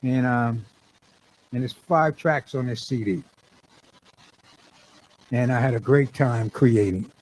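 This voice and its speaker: A man's voice: medium pitch, slow pace, long pauses, darkish tone, a little hiss or hum, poor audio. A man, a singer-songwriter, telling a rambling story in a casual monologue, often restarting and acting out what he said. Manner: rambling, repeats himself and restarts, acts out his own quoted words.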